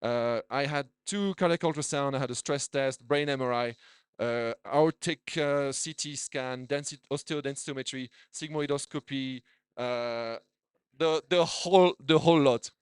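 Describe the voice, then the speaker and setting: A man's voice: medium pitch, normal speed, clear, resonant tone, dry recording. A man, a doctor, giving a conference talk with slides, chatty, with many restarts and repeated words. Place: conference hall.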